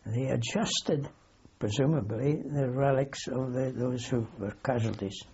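A man's voice: medium pitch, a little slow, darkish tone, lo-fi sound, a little hiss or hum. An older man, a wartime aircrew veteran, telling a long anecdote in an oral history interview. He rambles, corrects himself as he goes and keeps a dry humour.

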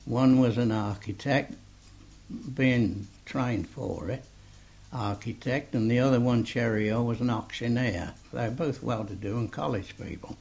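An older man slowly telling an oral history story, full of fillers and a gravelly voice. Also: mid-range voice, darkish tone. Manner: slow rambling storytelling with many fillers. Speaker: interviewee. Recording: dull lo-fi tape recording.

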